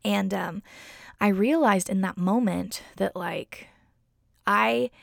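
Gushing young woman with heavy vocal fry. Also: mid-range voice, slow, no room sound, clean studio sound. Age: young adult. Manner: chatty, gushing, heavy use of "like" and "um". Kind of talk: casual personal storytelling.

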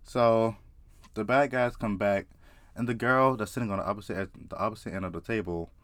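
A young man from South Carolina with a Southern accent, telling a story in a casual, profane, excitable and rambling way. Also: fairly low pitch, a little fast, no room sound. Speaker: vlogger.

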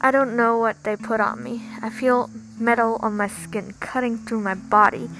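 A woman's voice: fairly high pitch, fairly even intonation, normal speed, fairly bright tone, soft background music, rough recording. A woman reading a first-person story aloud in an emphatic, dramatic storytelling manner.

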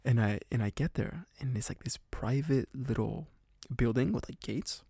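Rambling young man with a gravelly voice. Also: medium pitch, normal speed, dark tone, no room sound, studio quality. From Canada. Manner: rambling, heavy on "like" fillers, laughs often. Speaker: podcast host. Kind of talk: casual storytelling podcast.

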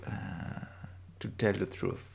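A man with a French accent chats loosely as a podcast co-host, joking and teasing his partner. His voice has a gravelly, creaky edge. He keeps slipping French words into the talk. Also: lowish voice, little pitch movement, slow pace, a crowd in the background. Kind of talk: casual chat.

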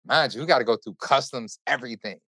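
A man hosting a podcast, telling a story in casual chat with animated, profane, run-on delivery. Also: medium pitch, fast, no room sound. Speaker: podcast host.

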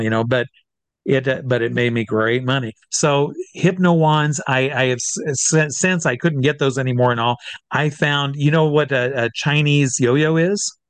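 A man working as a stage hypnotist, telling anecdotes in an interview in an animated way and acting out what others said. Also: mid-range voice, dry recording. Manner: animated, acts out quotes of others. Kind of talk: storytelling in a conversational interview.

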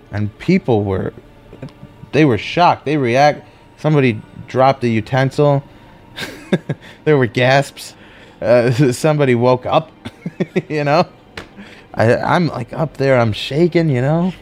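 Man, storyteller, animated, voices the people in his story, faint music underneath. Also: mid-range voice, a little slow, pauses often. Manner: animated, acts out quoted voices. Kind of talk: personal storytelling.

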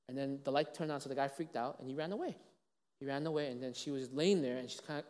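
A male pastor preaching a sermon. He asks his listeners rhetorical questions and swings between loud emphatic lines and hushed ones. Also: a little high, quick pace. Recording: long hall reverb.

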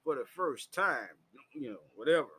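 Drunk man, raw storytelling, bright voice. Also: lively intonation, normal speed, husky. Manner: loud, crude and laughing, swings into high shouting. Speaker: vlogger. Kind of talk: raw, profane personal storytelling.

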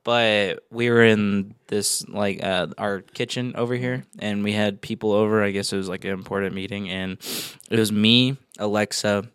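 A young man chatting on a podcast, telling animated stories and acting out what people said. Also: lowish voice, moderate pace, hardly any pauses, smooth, no room sound, clean studio sound. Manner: animated storyteller, acts out quotes. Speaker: employee. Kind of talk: casual podcast chat.

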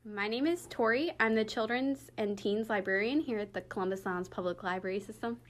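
A young woman librarian hosting a podcast, chatting casually and telling stories in an animated, excitable way. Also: mid-range voice, brisk, over music. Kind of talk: casual chat.

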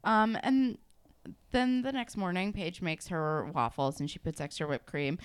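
A woman's voice: lowish voice, unhurried, clear, resonant tone. A woman co-hosting a podcast, casually recapping an episode and voicing her blunt reactions. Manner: expressive, swears, voices her own reactions. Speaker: podcast co-host.

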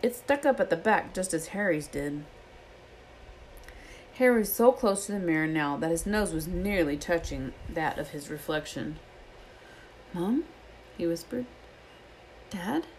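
Lady reading a novel out loud, fairly low voice, expressive storytelling, faint hiss behind. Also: normal speed, low-quality recording. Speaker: reader.

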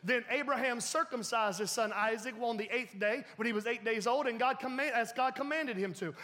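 In an echoing church sanctuary, a male pastor delivers his sermon with animation and frequent laughter. His voice is very high and fairly quick.

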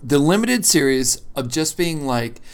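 Gravelly-voiced man, slow podcast chat. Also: a little high, very animated. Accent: southeastern Pennsylvania. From Lancaster County, Pennsylvania. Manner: easygoing, teasing, with frequent fillers. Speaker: podcast co-host.

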